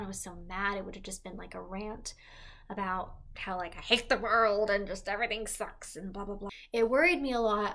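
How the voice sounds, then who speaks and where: A woman's voice: medium pitch, a bit bright. A pregnant young woman talking casually to camera, rambling and full of "like" fillers as she restarts her sentences. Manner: rambling, heavy use of "like", self-correcting. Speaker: pregnancy vlogger. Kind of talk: casual confessional vlog.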